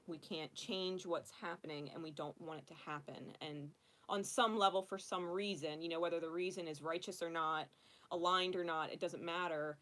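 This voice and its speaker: A woman with a slightly low voice runs a casual livestream card reading. She chats loosely with her viewers and laughs easily, then slips into soft, prayerful invocations. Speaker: spiritual card reader.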